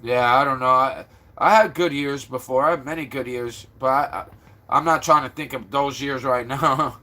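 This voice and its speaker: A man's voice: normal speed, pushed and bright. A stressed man from Florida rambling casually to his livestream viewers. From Florida, USA. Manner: rambling, talks to viewers, turns low and subdued.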